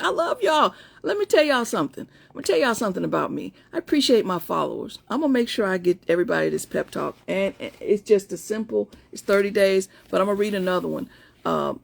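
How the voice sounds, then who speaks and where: A woman coach chatting excitedly and directly with her followers during a live stream from home, and reading out her own pep talks. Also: fairly low pitch, gravelly, husky. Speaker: motivational coach. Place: at home, indoors.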